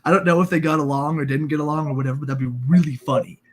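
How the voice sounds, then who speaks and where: Husky joking man on a sports podcast. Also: a little high, steady tone, rapid-fire. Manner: joking, rambling with fillers. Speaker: podcast co-host. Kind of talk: casual sports chat.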